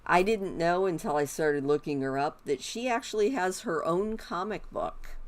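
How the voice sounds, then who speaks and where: A woman's voice: on the low side, animated, moderate pace. A woman streaming a game from home, chatting and rambling casually to her viewers. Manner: chatty, rambling, talks to her pet raccoons in a cooing voice. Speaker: gaming streamer. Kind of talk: casual chat while streaming.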